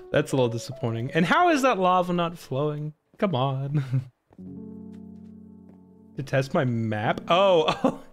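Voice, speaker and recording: A man's voice: on the high side, sing-song, takes it slowly, long pauses, faint music behind. A young man casually commenting on his own gameplay during a live stream, often laughing and exclaiming to his chat. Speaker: gaming streamer.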